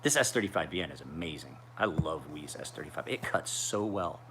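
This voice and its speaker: A man's voice: extremely low pitch, lively intonation, brisk, noisy background. A man in his forties rambling through a casual livestream chat as a knife sharpener, with profane storytelling. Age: 40s. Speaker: knife sharpener streaming live.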